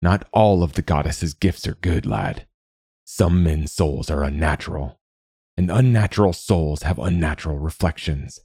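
A man voicing a calm, gentle old man who speaks softly and soothingly in a storybook reading. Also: very deep voice, unhurried, slightly rough, no echo, studio quality, heavily acted. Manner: calm, soft-spoken.

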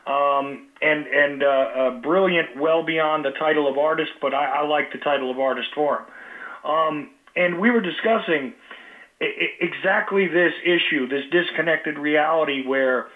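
A radio talk show host with a slightly high voice speaks in an unhurried, casual way, full of fillers and restarts. The audio is tinny phone-line quality.

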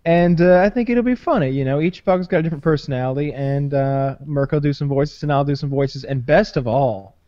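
A man's voice: fairly high pitch, brisk, few pauses, mellow. Laughing, rambling man on a dull mic. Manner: rambling, laughs often, swears freely. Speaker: podcast host. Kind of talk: casual chat. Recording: dull dry close-mic sound.

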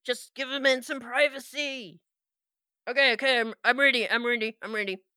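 A woman's voice: on the high side, fairly even intonation, normal speed, pushed and bright, smooth, no room sound, studio quality, pitched above the performer's own voice. A woman voicing a flustered man who has been caught alone in a hotel room and hurries to get himself ready.

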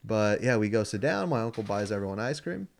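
A man's voice: lowish voice, very animated, fairly quick, creaky. A man in his twenties telling a story in casual chat, laughing often and acting out quoted voices. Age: 20s.

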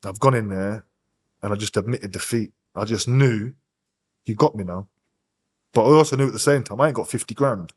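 A man's voice: lowish voice, brisk, pauses often, slightly rough. A man, a podcast guest telling a hard personal story in blunt, profane street slang. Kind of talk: candid storytelling interview.

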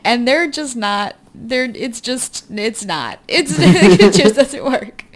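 A woman's voice: a little high, expressive, slow. A woman co-hosting a casual movie podcast, emphatic and laughing often. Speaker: podcast co-host.

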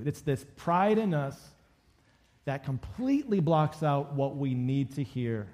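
A man's voice: fairly high pitch, expressive, slow pace, a little mellow. A male pastor giving a conversational sermon and acting out quoted lines from the story.

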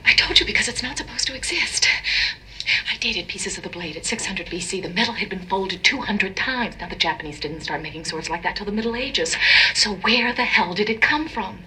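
Film clip: a driven woman forensic investigator, bright and pressing. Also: medium pitch, fairly quick, slight background noise, low-quality recording. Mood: insistent. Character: sharp adult female forensic investigator, driven.

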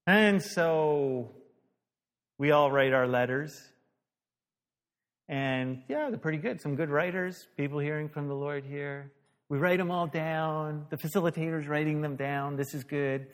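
A male pastor with a fairly high voice and a measured pace tells a story animatedly during his sermon, acting out the dialogue and laughing at himself. The recording carries a long hall reverb.

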